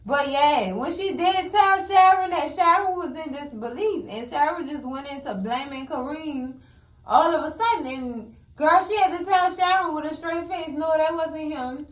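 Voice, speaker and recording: Woman recap host, high voice, fiery, chatty, echoey room. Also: normal speed. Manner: animated, exclamatory, addresses viewers as cousins. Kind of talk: casual TV recap commentary.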